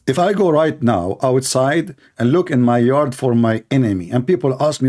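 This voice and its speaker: A man's voice: mid-range voice, moderate pace, few pauses, mellow. A man hosting a confrontational call-in debate, speaking in a sarcastic, taunting way. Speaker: debate show host.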